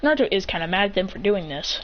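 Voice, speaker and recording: A woman retells a fan-made story in a loose, rambling way, often restarting her sentences. Her voice sits at an ordinary pitch, and the recording is dull and lo-fi with a faint background hiss. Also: animated, fast talker.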